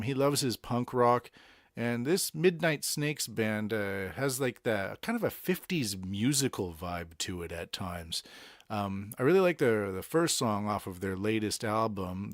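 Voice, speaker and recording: In a dry, studio-quality recording made in Tokyo, a Boston-accented man from Boston hosts his own podcast in a lowish voice. His talk about songs is loose and rambling, full of fillers.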